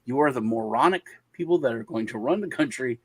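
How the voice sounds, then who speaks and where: A man's voice: mid-range voice, fairly quick, slightly rough, dry recording. A man telling a long anecdote on a casual panel show and acting out the other people in it. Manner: animated anecdote-telling, acts out quoted voices. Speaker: panel guest.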